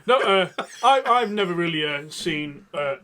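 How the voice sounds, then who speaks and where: A young man, co-hosting a comedy podcast and answering teasing with deadpan, cheeky comebacks. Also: sits high, normal speed, a crowd in the background. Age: young adult. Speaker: podcast co-host. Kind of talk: casual comedic banter.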